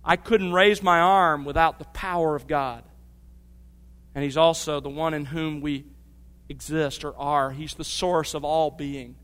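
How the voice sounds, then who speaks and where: A man's voice: fairly high pitch, fairly even intonation, unhurried, fairly bright tone. A middle-aged man preaching a sermon, teaching earnestly and telling family stories. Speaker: pastor. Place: church sanctuary. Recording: long reverb of a church hall.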